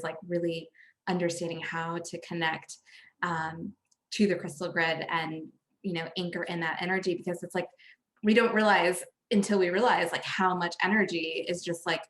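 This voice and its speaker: Soft-spoken female host, filler-heavy. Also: lowish voice, fairly even intonation, moderate pace. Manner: filler-heavy, searching phrasing with many likes and ums. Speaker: podcast host. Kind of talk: interview questions.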